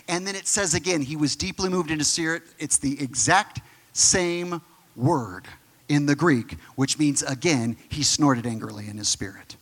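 Male preacher, middle-aged, high-pitched, bright tone, emphatic sermon teaching. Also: moderate pace. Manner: emphatic, conversational, explaining scripture.

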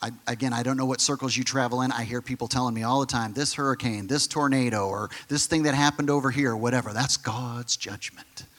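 A male pastor preaching a sermon, emphatic and conversational, who sometimes drops to a soft near-whisper on key phrases. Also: mid-range voice, fairly even intonation, brisk, few pauses. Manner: direct, conversational asides to the congregation.

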